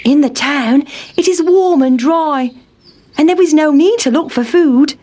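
A woman's voice: sits high, unhurried, warm tone, voice pushed up. A woman voicing a fussy male town mouse in a storybook, complaining in a raised, whiny voice. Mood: coaxing.

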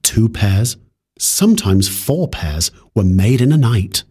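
A man reading a fairy tale aloud in a measured, expressive way. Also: lowish voice, breathy edge. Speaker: storyteller.

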